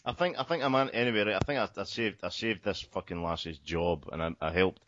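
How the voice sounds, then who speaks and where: A man's voice: low voice, a little fast, a bit bright, muffled recording, a little hiss or hum. A man telling a rambling story in a casual podcast chat, repeating himself and swearing often.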